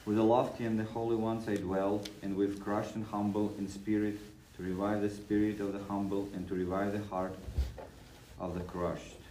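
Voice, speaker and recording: A man reading a text aloud in a class, careful and measured. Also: on the low side, little pitch movement, mellow. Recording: roomy, distant mic, faint noise.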